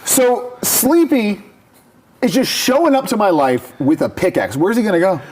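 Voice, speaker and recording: An excitable man talks his way through his turn in a board game, his pitch leaping up and down. He trips over his words, repeats himself, and never quite settles into a steady rhythm. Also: moderate pace, slight background noise. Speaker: co-host. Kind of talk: casual chat while playing a board game.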